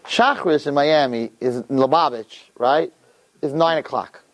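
A man who teaches, telling a personal story to a live audience in an animated, expressive way. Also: a little slow, no room sound. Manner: animated, expressive storyteller with big pitch swings.

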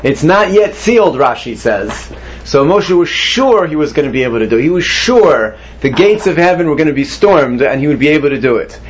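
A man's voice: a little high, big pitch swings, fairly quick, slight background noise. A man teaching a Torah class, posing questions to his students and mixing Hebrew terms into his explanations. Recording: dull lo-fi recording.

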